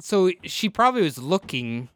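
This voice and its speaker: A man co-hosting a casual true-crime podcast reads the story from his notes and keeps breaking into laughter. His voice sits a little high. He sounds close to the mic in a dry room with no echo. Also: sing-song, moderate pace, fairly bright tone, smooth. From Minnesota. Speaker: podcast co-host.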